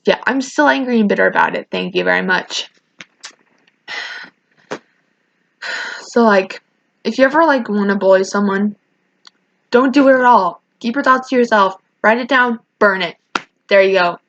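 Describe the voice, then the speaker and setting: Rambling teen girl with a gravelly voice. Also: mid-range voice, normal speed, long pauses, fairly bright tone. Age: teens. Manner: rambling, restarting, emotional. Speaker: vlogger. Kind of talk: casual storytime rant. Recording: dull lo-fi sound.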